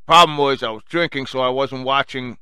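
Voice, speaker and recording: Male host, bright forceful tone, smooth crisp delivery, dry close sound; chatty rambling monologue to listeners. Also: medium pitch, a little fast, no room sound. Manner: chatty, rambling, self-amused. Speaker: show host.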